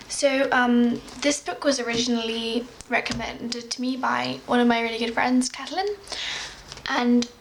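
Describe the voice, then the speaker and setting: Rambling English girl, high flat voice. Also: a little hiss or hum, rough recording. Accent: English, slightly Americanised. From England. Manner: rambling, with many fillers and giggles. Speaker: book vlogger. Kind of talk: casual chatty monologue.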